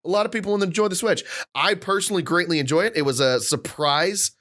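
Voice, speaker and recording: A man's voice: high voice, quick pace. A man in his thirties co-hosting a podcast, telling a long story with lots of acted-out quotes. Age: 30s. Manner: animated storyteller, acts out quotes. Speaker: podcast co-host. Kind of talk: casual podcast rant.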